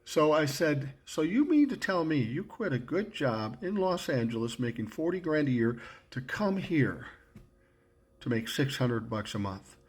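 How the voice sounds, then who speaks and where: A man's voice: very animated, a little slow, breathy edge. An older man in his sixties spins a yarn in a loose, casual way. He swears freely and talks bluntly, and his voice jumps up when he acts out what he said back then. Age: 60s. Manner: blunt and profane, acting out his own past lines with rising pitch. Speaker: storyteller recalling his radio career. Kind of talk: casual spoken storytelling.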